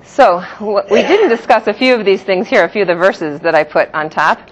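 A woman's voice: medium pitch, expressive, a little fast. Woman teaching a class, dull lo-fi recording. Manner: explanatory, repeats terms in two pronunciations, laughs lightly. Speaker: teacher of a Jewish philosophy class. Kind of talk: classroom lecture.

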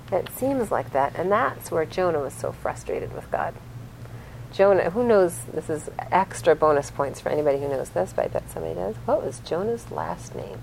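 A woman teaching a lively lesson, telling stories and asking her class questions. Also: fairly low pitch, normal speed, creaky, a little hiss or hum, rough recording. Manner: animated storyteller, asks the class questions. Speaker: religious teacher.

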